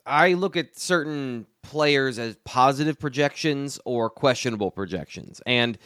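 A man's voice: medium pitch, expressive, a little slow, fairly bright tone, dry recording. A man breaking down a football recruit on a sports talk show, conversational and thinking aloud, with a dry sarcastic streak. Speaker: college football recruiting analyst.

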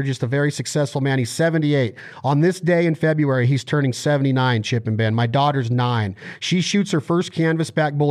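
Fired-up guy ranting on a podcast, kinda high voice, tells stories, talks a lot. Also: a little mellow. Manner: impassioned, ranting, storytelling. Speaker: podcast guest. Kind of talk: passionate casual conversation.

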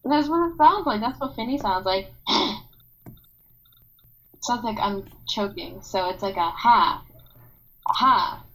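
A woman's voice: medium pitch, slow, long pauses, a bit bright, rough recording. A woman co-hosting a podcast over a call, playfully making animal noises and silly rhymes in casual chat. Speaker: podcast co-host. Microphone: call recording.

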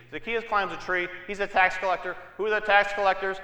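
A pastor preaches a sermon in a high, sharp voice, quick-paced and flat in delivery, telling Bible stories conversationally with asides to the congregation. The church sanctuary makes the recording echoey.

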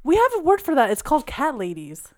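Teasing woman co-host, quick comebacks, higher-pitched voice, relaxed banter. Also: a little hiss or hum. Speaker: podcast co-host. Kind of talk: casual chat.

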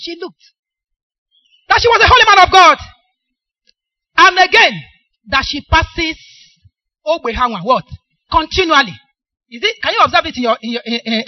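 Middle-aged Nigerian woman preacher, high and animated, emphatic sermon delivery. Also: no room sound, highs cut off. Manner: emphatic, poses questions for the congregation to answer.

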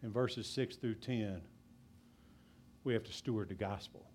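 A man preaching a sermon as pastor, talking loud and fast and passionately, then dropping to a low, quiet voice. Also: a little hiss or hum. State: out of breath.

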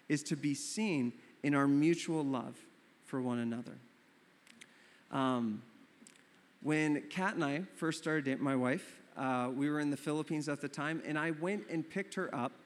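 Animated male pastor in a reverberant hall. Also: a little high. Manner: animated storytelling, acting out his own surprise. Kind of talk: sermon.

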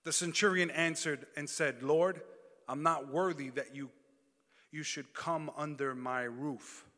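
A man's voice: on the high side, fairly even intonation, measured pace, sharp tone. A man preaching a sermon, reading scripture aloud and then calling out to the congregation. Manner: reads scripture then preaches with call-and-response. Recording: long hall reverb.

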